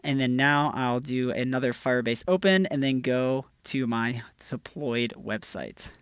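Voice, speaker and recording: Unhurried and clear, a developer advocate with a resonant, slightly bright mid-range voice guides viewers through a screencast tutorial step by step in an upbeat, casual tone. The recording is dry.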